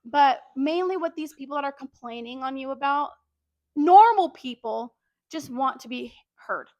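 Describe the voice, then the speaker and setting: A young woman telling a workplace story in casual, animated chat, full of fillers like "like". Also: high-pitched, normal speed, no room sound, muffled recording. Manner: animated, chatty, lots of "like". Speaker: podcast co-host.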